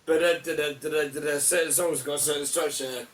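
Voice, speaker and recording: A man's voice: fairly high pitch, animated, a little fast, sharp tone, far from the mic. A man co-hosting a podcast in wry, chatty conversation. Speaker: podcast co-host. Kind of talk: casual podcast chat.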